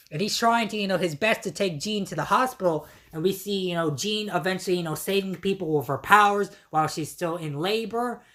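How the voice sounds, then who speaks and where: Excited woman with a strained voice. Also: medium pitch. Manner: excitable, many fillers and slang. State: voice strained from yelling. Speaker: reviewer. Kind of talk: excited casual episode recap.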